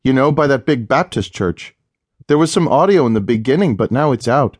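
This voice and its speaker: A man voicing an anxious young woman watching TV news, speaking higher and with rising alarm. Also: expressive, a little fast, slightly rough, no echo, clean studio sound.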